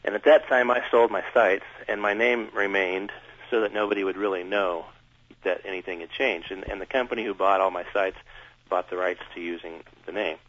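A man with a very deep voice speaks earnestly and at length as a radio guest. His delivery is measured and candid, and the sound is dull and dry. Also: steady tone, fairly bright tone, no echo. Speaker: interview guest.

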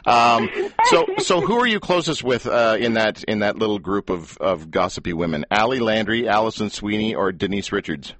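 A man's voice: fairly low pitch, moderate pace, hardly any pauses, no echo. A man hosting a radio show, teasing and joking with his guest in a playful interview. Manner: teasing, jokey, animated. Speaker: radio host.

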